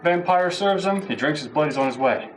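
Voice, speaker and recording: A man's voice: fairly high pitch, expressive, brisk, faint music behind, low-quality recording. A man casually telling a joke in a loose, rambling way with fillers.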